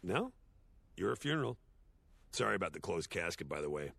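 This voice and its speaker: A gravelly, sardonic horse, BoJack. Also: male voice, sits low, very animated, fairly quick, fairly bright tone, dry recording, full character voice. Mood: awkward. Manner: sardonic, rambling, self-deprecating jokes. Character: washed-up male horse sitcom star, sardonic, self-loathing. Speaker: eulogy speaker. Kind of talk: animated series dialogue, comic monologue.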